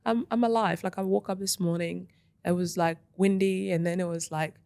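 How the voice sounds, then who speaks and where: A woman's voice: fairly low pitch, moderate pace, creaky, no room sound. A young woman from Australia, a podcast guest in a studio, talking casually and energetically with lots of "like". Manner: energetic, talkative, frequent "like". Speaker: interview guest. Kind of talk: casual interview chat.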